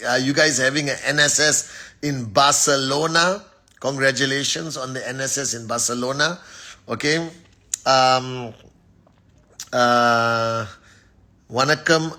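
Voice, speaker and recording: Upbeat man doing live-stream shout-outs. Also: mid-range voice, steady tone, a little slow. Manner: upbeat, rattles off names and greetings. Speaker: network marketing leader hosting a live stream.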